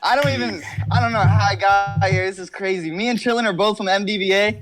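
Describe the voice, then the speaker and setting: Brash, high-voiced young man rambling profanely. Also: quick pace, fairly bright tone, soft background music. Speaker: interview guest. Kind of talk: joking casual interview. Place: in his car.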